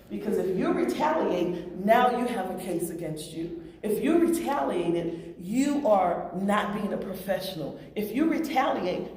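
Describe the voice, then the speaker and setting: A woman's voice: mid-range voice, dark tone. A woman presenting to a public oversight board, telling a story and acting out the quoted voices. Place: large meeting room. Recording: echoey room from far off. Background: strong echo.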